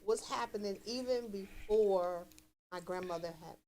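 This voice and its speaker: A woman's voice: medium pitch, a little slow, a little mellow. A woman in casual conversation, speaking in an earnest, reflective way. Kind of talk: casual chat.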